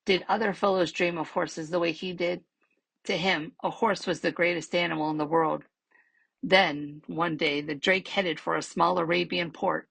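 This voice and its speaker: A woman reads a children's novel aloud at a steady, measured pace, letting line endings trail softly. Her voice is low and gravelly with a husky edge. The sound is dry and close. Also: no room sound, low-quality recording. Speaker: library storyteller.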